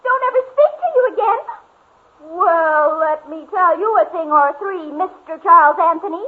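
A woman's voice: very high voice, moderate pace. A woman playing a lovestruck, hot-tempered teenage girl in 1940s radio acting style, melodramatic and gushing. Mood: indignant. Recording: tinny old radio broadcast.

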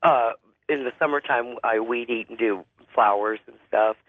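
A man with a deep voice and a cold, calling in to tell a spooky story, halting with lots of fillers. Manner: halting, many fillers and restarts. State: has a cold. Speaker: caller. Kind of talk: phone-in ghost story. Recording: phone line.

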